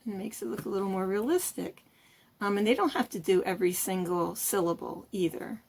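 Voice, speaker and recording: A woman's voice: medium pitch, a little fast, creaky, darkish tone, no echo. A woman hosting a puppetry channel, explaining puppet techniques in an encouraging, teacherly way. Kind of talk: instructional video.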